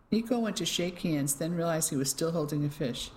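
Narrator for a novel; steady, measured read. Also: mid-range voice, a little hiss or hum, rough recording. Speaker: audiobook narrator. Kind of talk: scripted narration.

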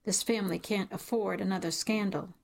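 A woman's voice: mid-range voice, steady tone, fairly quick, creaky. A woman reading an audiobook, voicing a stern aristocratic father who gives cold, contemptuous commands.

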